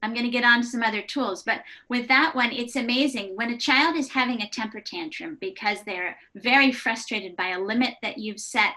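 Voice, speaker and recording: A woman giving an online workshop to early childhood educators, chatting in a warm, conversational way with frequent restarts and light laughs over a video call microphone. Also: fairly high pitch. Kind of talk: live online presentation.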